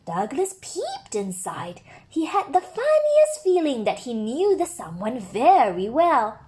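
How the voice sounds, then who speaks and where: A woman reads a children's storybook aloud in a high, melodic voice. She takes her time with each phrase and swings her pitch up and down expressively to keep young listeners hooked. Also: slow pace. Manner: expressive, sing-song. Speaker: storybook reader.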